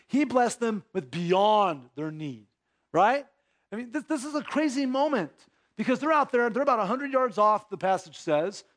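High-voiced man preaching a sermon. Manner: conversational preaching, rhetorical questions, acted-out dialogue. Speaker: pastor. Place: church sanctuary.

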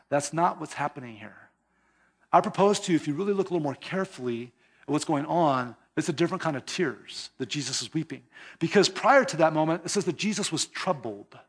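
A pastor preaching a sermon to his congregation in an animated, conversational way, chuckling as he talks. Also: a little high, husky.

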